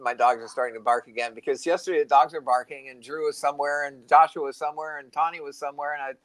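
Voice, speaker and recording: A man's voice: a little high, fairly even intonation, quick pace, fairly bright tone. An older man, co-host of a spiritual talk show, telling rambling stories in casual chat and now and then losing his train of thought. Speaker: podcast co-host.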